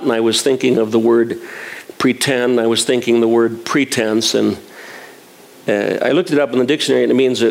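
A man's voice: mid-range voice, vocal fry. A man in his sixties preaching a sermon in a folksy, self-mocking way, chuckling at his own jokes.

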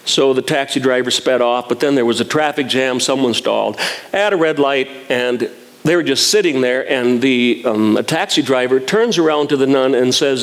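A man's voice: medium pitch, moderate pace. A man in his sixties preaching a sermon in a folksy, self-mocking way, chuckling at his own jokes.

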